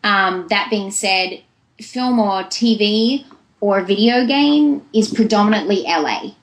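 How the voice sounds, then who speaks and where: A woman's voice: medium pitch, lively intonation, slow, roomy sound, a little hiss or hum, rough recording. A young woman, a voice actress, giving chatty, long-winded answers in a casual interview. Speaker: voice actress guest.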